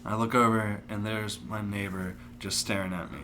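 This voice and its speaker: A man's voice: fairly low pitch, fairly even intonation, moderate pace, pushed and bright, slight background noise. A young man co-hosting a podcast, rambling through stories with lots of swearing and laughter. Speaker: podcast co-host. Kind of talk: casual chat.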